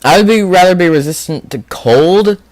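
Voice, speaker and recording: A man hosting a casual gaming video, rambling and thinking out loud with lots of fillers as he answers quiz questions. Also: sits high, expressive, normal speed, no room sound. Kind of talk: casual commentary on a quiz game.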